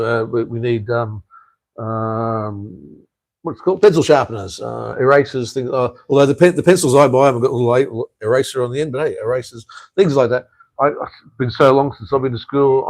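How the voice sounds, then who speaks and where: An Australian man hosting a casual live stream, chatting loosely and answering viewer comments with lots of fillers, "mate" and "hey". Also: mid-range voice. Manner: rambling, with frequent "uh", "mate" and "hey".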